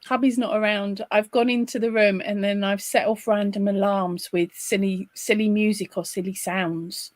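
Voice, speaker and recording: A woman's voice: mid-range voice, flat delivery, moderate pace, hardly any pauses, no room sound. A woman co-hosting a livestream, chatting casually in a playful, teasing way. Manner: playful, teasing, laughs along. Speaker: livestream co-host.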